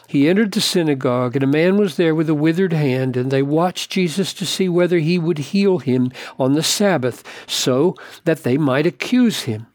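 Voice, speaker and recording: An older man teaches through a scripture passage in a slow, deliberate way, pressing on key words with earnest weight. His voice sits a little high for a man. The sound is dry and close, with no room around it. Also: dry recording. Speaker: pastor. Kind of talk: Bible teaching talk.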